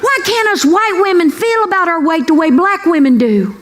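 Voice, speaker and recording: A woman's voice: very high-pitched, lively intonation, normal speed, few pauses, fairly bright tone. A middle-aged woman from Kentucky with a Southern accent, doing a brash, folksy stand-up routine full of Southern slang. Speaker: stand-up comedian. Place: comedy club stage before a laughing audience. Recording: live club recording with crowd noise.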